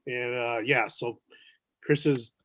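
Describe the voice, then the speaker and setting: A man, a guest comedian, giving halting casual remarks with many fillers over a video call. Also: mid-range voice, fairly even intonation, fairly bright tone, dry recording, rough recording.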